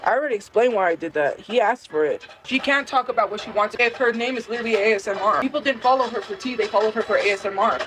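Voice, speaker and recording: A woman's voice: a little high, quick pace, few pauses, poor audio. A woman livestreamer ranting to her chat, defensive and repeating her point over and over. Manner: defensive, repetitive, talks straight to chat. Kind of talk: livestream rant.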